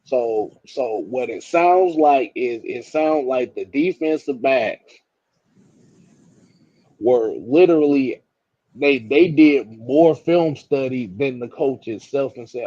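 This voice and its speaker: A man's voice: medium pitch, expressive, slow, dark tone, dry recording, highs cut off. A man co-hosting a casual live sports talk stream, reading chat comments aloud. He laughs often and repeats words while he gathers his thoughts.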